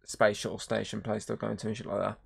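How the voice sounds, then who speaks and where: A man's voice: lowish voice, quick pace, vocal fry, slightly rough. Rambling, swearing man. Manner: rambling, swears a lot, animated retelling. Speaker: podcast host. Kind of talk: casual movie review chat.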